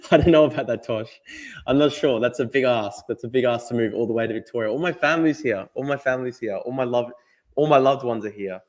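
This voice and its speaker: A man's voice: medium pitch, a little fast. A young Australian man hosting a casual live stream, chatting and answering his chat, often repeating himself. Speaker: streamer host.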